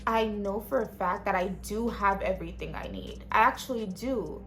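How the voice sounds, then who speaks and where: With a medium-pitched, fairly bright voice and a slightly slow delivery, a young woman shares casual self-help thoughts in her small studio apartment. She's a lifestyle vlogger who talks to viewers directly and frankly, cursing from time to time.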